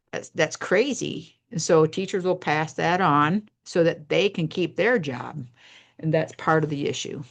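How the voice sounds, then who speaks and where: A woman, a retired teacher, speaking earnestly and emphatically in a casual panel talk, repeating words as she presses her point. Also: sits low.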